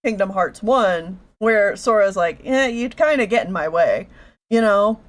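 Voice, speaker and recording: A woman co-hosting a casual fan podcast, making thoughtful, measured points. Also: mid-range voice.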